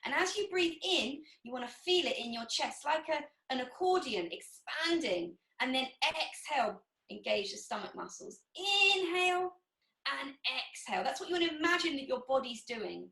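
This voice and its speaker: A woman with a high, bright voice talks a class through pilates moves, cueing each breath with an encouraging tone. She sounds some way from the mic, in a room that echoes. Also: animated, moderate pace, distant mic. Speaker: pilates instructor. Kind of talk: guided exercise class.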